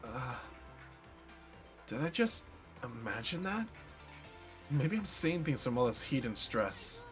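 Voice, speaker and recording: A man's voice: medium pitch, very animated, slow. Playful man streaming a game, faint music. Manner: playful, jokey asides. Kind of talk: live let's-play, reading game text aloud.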